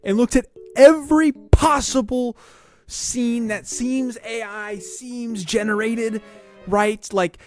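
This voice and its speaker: An online commentator in a casual video, excitable and stammering, firing off rhetorical questions. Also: mid-range voice, takes it slowly, soft background music.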